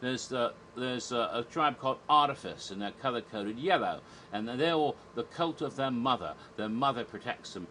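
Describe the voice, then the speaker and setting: A man's voice: medium pitch, animated, fairly quick, few pauses, bright, forceful tone, slight background noise, rough recording. A man giving a casual spoken review, chatty and rambling, with restarts and little chuckles. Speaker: theme park reviewer.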